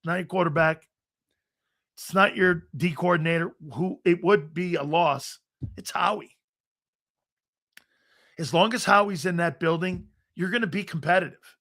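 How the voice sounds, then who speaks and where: A brash man hosting sports talk radio, with a high voice for a man and a bright, forceful edge. He rants bluntly and combatively at his callers and swears without a second thought. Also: a little slow, long pauses.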